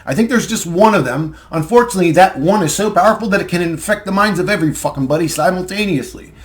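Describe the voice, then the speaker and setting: A man's voice: high-pitched, fast. A young man delivering a heated, profane rant with sarcastic asides and bursts of laughter. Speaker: conspiracy video ranter. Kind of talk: profane ranting monologue.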